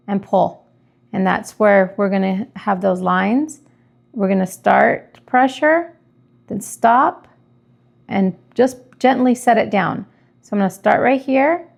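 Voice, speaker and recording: A woman calmly explaining each step of decorating a cookie with icing as she works. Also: mid-range voice, unhurried, gravelly. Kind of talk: step-by-step tutorial narration.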